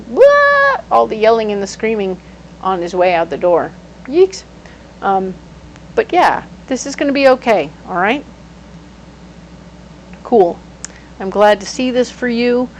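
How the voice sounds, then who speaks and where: A woman giving a casual tarot reading, animated and playful, breaking into sudden exclamations. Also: medium pitch, a little hiss or hum, rough recording. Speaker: tarot reader.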